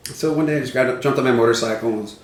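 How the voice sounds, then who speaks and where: A man from Iowa chats as a podcast guest, telling animated stories and laughing often. His voice sits at a middle pitch and comes from a little way off the mic, with a roomy echo around it. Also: racing, distant mic. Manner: laughs often, animated storytelling with acted quotes. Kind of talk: casual storytelling chat.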